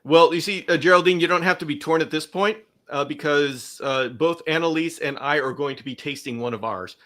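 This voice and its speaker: A man's voice: a little high, fairly quick, fairly bright tone. A middle-aged man from California hosting a casual livestream, chatting and reading viewer comments aloud. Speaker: livestream host.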